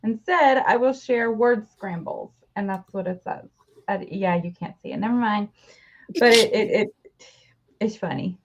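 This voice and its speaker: A woman's voice: mid-range voice, a little slow. A woman co-hosting a casual chat show, telling stories with jokes. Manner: animated storyteller, joking. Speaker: co-host. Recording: dull lo-fi sound.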